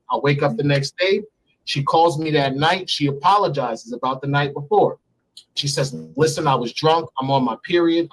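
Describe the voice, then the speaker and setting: A man speaks in a candid, blunt way as a guest on a remote interview. His voice sits a bit high for a man. He drives his points home by repeating words. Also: fairly bright tone, rough recording. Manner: blunt, emphatic, repeats for stress.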